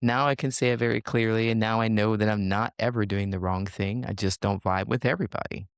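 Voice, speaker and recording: Gravelly, smooth-voiced male coach, reflective. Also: fairly even intonation, brisk, no room sound, clean studio sound. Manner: reflective, acts out inner thoughts in a higher voice. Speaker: social connections coach. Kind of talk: podcast interview conversation.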